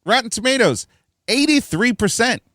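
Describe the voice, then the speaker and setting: A man co-hosting a film review podcast, talking in a chatty, animated way with plenty of fillers. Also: extremely high pitch, moderate pace, dry recording, studio quality. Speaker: podcast co-host. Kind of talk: casual film review chat.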